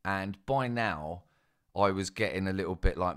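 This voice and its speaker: A young man tells a casual story in a very deep, low voice. He is chatty and self-mocking, often turning to his listeners with asides. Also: moderate pace, a bit bright, smooth. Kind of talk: casual spoken anecdote.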